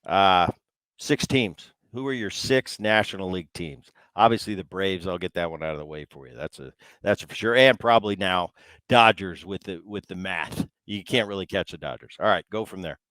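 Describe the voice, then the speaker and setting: Middle-aged male podcast host, low and relaxed, dry close sound. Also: normal speed, no echo, poor audio. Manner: relaxed, chatty, trailing restarts. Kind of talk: casual interview chat.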